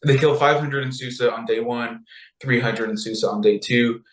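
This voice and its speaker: Casual man in an echoey room. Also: moderate pace. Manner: animated, acts out characters' lines in high voices. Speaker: podcast co-host. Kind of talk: casual chat retelling a story.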